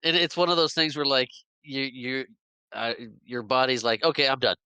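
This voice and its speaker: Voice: medium pitch, normal speed, bright, forceful tone, clear, resonant tone, no room sound. A podcast co-host chatting casually about a movie, giggling often and chiming in with fun facts and quoted lines. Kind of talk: casual movie recap chat.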